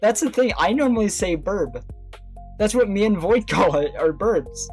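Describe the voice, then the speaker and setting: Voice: mid-range voice, lively intonation, normal speed, darkish tone, slightly rough, faint music behind. A livestream host chatting casually with viewers, rambling with many fillers and restarts and laughing often. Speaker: livestream host talking to chat. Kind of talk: casual chat.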